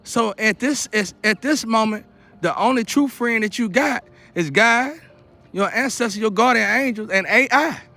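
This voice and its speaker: Man, high-pitched, talking straight to camera outdoors. Preachy, repetitive delivery that keeps building to an urgent outcry. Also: moderate pace, creaky, bright, forceful tone, faint music behind. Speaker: vlogger. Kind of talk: impassioned monologue to camera. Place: outdoors near a porch.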